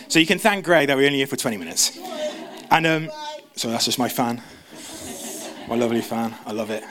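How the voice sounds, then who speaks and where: A man preaching a sermon, talking fast with frequent restarts and stumbles. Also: mid-range voice, animated, crowd noise. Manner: fast, stumbling, self-interrupting.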